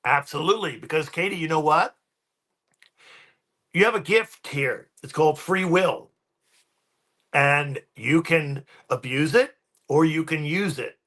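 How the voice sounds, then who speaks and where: A man guesting on a podcast, chatting casually and winding through his stories with frequent ums and restarts. His voice is fairly high and bright. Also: unhurried, long pauses. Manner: rambling, many ums and restarts. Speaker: guest paranormal researcher.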